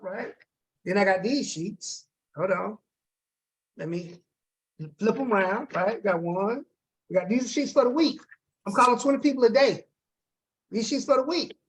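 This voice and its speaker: A man coaching his team on a group video call, upbeat and slangy, talking straight to the group and checking in with them often. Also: sits high.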